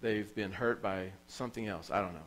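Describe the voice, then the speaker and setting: A male pastor with a somewhat low voice preaches a sermon, telling stories with feeling and driving points home through repetition. A faint hum of noise sits under his voice. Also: a little fast, rough recording. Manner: emotional storytelling preacher, repeats phrases for emphasis. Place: church.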